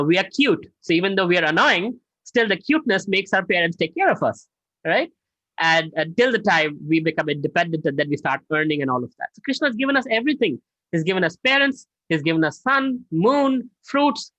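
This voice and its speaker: Lively male teacher. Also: sits high, no room sound. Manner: animated, conversational, asks the class questions. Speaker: spiritual teacher. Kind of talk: online scripture class, storytelling. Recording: dull dry online audio.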